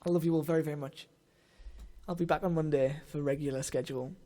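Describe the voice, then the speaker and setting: A man's voice: on the high side, steady tone, quick pace, warm tone. A man hosting a livestream, tearful and giddy as he signs off, effusive and emotional, swearing casually while he thanks his viewers. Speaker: livestream host. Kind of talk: casual livestream sign-off chat.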